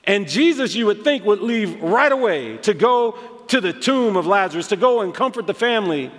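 A man preaching a sermon, telling a story with animated emphasis and acting out quoted lines. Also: sits high, moderate pace. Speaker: pastor. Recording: long hall reverb.

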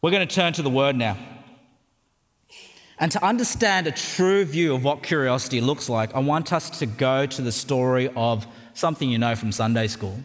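A man's voice: mid-range voice, moderate pace. A man with an Australian accent preaching a sermon, conversational and joking, often checking in with the crowd. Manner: conversational and humorous, with frequent tag questions. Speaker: pastor. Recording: long hall reverb.

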